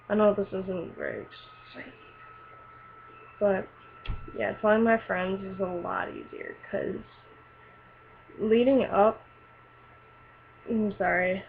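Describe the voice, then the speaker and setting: A woman's voice: mid-range voice, fairly even intonation, slow, creaky, pauses often. Teen girl, casual rambling storytelling, tinny phone-like sound, faint hiss. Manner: rambling, lots of fillers and likes. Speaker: vlogger.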